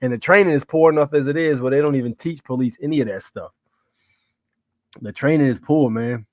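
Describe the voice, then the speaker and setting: A man's voice: medium pitch, brisk, a little mellow, no room sound, clean studio sound. A man hosting a live stream, reacting to clips in slangy, rambling casual commentary, talking to his chat. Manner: slangy, rambling, many fillers and "you know what I'm saying". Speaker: livestream host.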